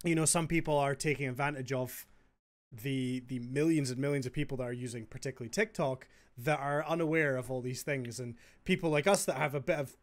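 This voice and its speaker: A man hosting a podcast in casual chat, chatty and quick to laugh as he retells stories. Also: medium pitch. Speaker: podcast host.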